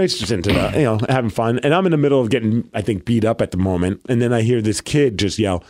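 A man co-hosting a podcast, telling wrestling stories in casual chat, animated and laughing as he talks. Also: lowish voice, fast, few pauses, dry recording, studio quality.

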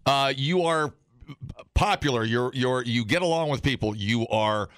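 A man from Wisconsin co-hosting a casual chat, joking and rambling with sudden loud outbursts. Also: mid-range voice, unhurried, dry recording. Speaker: podcast co-host.

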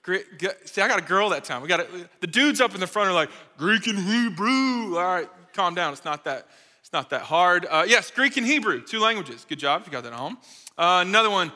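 A man giving a playful, lively sermon to a live audience, joking and talking straight to the crowd. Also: high-pitched, quick pace. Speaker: speaker at a college ministry gathering. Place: large hall with live audience. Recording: reverberant hall.

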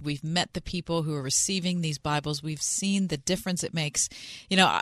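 A woman's voice: low voice, fairly bright tone, no echo. A woman co-hosting a radio talk show from the studio, speaking sincerely and reflectively to her listeners. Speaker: radio co-host.

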